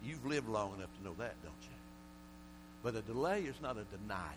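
A male preacher delivering a sermon, swinging from quiet, low passages to loud shouted calls and often repeating words. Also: animated, brisk. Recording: mains hum under the voice.

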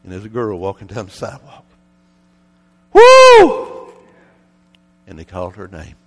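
A man preaching a sermon, telling a story and then swinging between loud fervent passages and quiet, intense ones. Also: deep voice, steady tone, quick pace, husky, big-room sound. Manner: swings from shouted fervor to hushed intensity.

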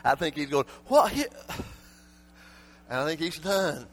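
A male preacher, preaching a sermon that swings from shouted peaks to soft, close asides. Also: a little high, sing-song, unhurried, breathy edge.

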